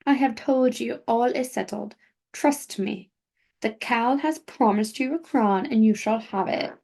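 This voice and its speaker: A woman voicing a fat, wealthy merchant in a read-aloud story, giving calm, soothing assurances. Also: a little high, measured pace, gravelly. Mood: reassuring.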